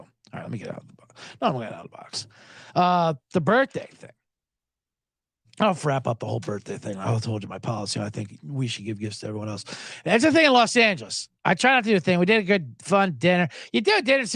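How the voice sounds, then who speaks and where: In a dry, clean studio recording, a gravelly-voiced man hosts a live sports podcast from Los Angeles. Animated and sarcastic, he goes on casual rants and keeps impersonating others in a raised, high voice.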